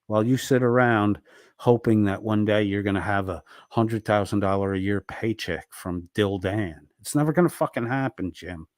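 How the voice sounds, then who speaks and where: Angry profane man, low dry voice. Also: normal speed, no echo. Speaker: streamer. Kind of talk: ranting monologue.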